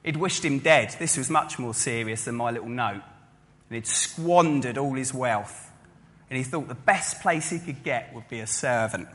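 Male preacher, bright clear voice, storytelling sermon, echoing hall. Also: medium pitch, normal speed. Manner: storytelling, acting out voices of listeners. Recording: long hall reverb.

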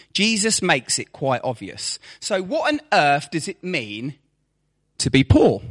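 A man's voice: a little high, a bit bright. A man preaching a sermon to his congregation, with rhetorical questions and mocking asides.

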